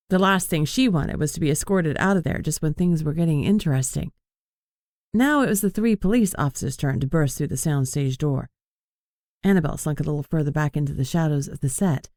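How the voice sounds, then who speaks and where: A man reading an audiobook in an even, measured narration. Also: a little high, no echo, clean studio sound. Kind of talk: scripted narration.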